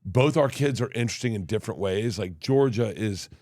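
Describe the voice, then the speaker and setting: A man with a low voice telling a long, rambling story in casual conversation, stopping and restarting as he goes. The sound is dry and close to the mic. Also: lively intonation, a little fast, darkish tone, dry recording. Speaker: comedian guest. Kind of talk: casual chat.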